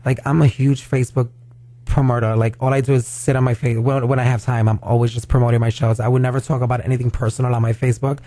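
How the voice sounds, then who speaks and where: Brief: male drag queen guest in a radio studio, mellow timbre, dry sound, rambling and chatty. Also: medium pitch, little pitch movement, quick pace, no room sound. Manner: chatty, heavy on "like" fillers. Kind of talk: casual radio interview chat.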